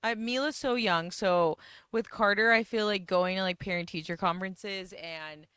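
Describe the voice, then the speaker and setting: A woman's voice: medium pitch, normal speed, a bit bright, clear, resonant tone, dry recording, clean studio sound. A woman, a guest on a comedy podcast, chatting bluntly about her kids and swearing casually. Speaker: guest, host's wife.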